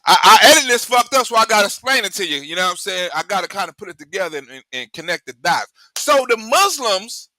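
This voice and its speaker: A male host giving rambling, profane political commentary in an animated way, cursing heavily. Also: very high voice, no echo.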